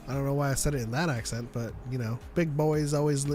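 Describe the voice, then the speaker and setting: A man's voice: mid-range voice, steady tone, quick pace, hardly any pauses, a little mellow, slight background noise. A man co-hosting a live call-in show, chatting casually, rambling and laughing at his own stories while he reads out the chat. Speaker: co-host reading live chat.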